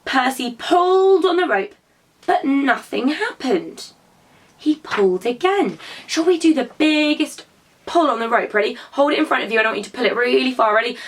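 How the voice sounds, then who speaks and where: Animated woman telling a children's story. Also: high voice, normal speed. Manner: animated, encouraging, coaxing children to join in. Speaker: children's drama teacher. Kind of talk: children's storytelling with movement prompts.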